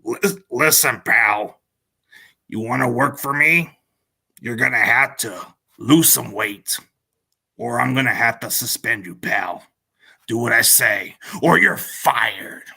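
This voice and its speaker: A man doing an impression of a slow, bossy, threatening older wrestling boss. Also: medium pitch, gravelly, bright, forceful tone, husky, pitched below the performer's own voice, heavily acted.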